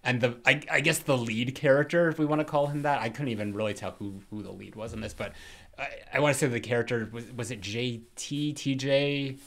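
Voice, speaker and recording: A man's voice: mid-range voice, brisk. A man with a Canadian accent hosting a horror movie podcast in easygoing chat, often laughing and trailing off with fillers. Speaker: podcast host. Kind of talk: casual chat.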